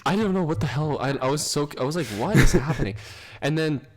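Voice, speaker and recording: A young man co-hosting a podcast, telling a crude story in an animated way, laughing often and swearing freely. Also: on the high side, fast. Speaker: podcast co-host. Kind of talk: casual chat.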